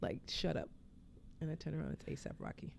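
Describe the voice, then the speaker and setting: Gravelly-voiced young woman, podcast guest, animated storyteller who acts out every quote. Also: deep voice, racing, a little hiss or hum. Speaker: podcast guest, nightlife figure. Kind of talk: casual storytelling chat.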